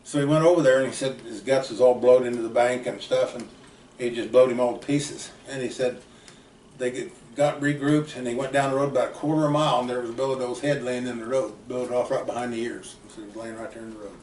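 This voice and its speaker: A man's voice: mid-range voice, fairly even intonation, fast talker, a little mellow. An older man from the United States, a plainspoken, folksy uncle telling long family stories in a casual, rambling way. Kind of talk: casual storytelling. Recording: roomy, distant mic, faint background noise.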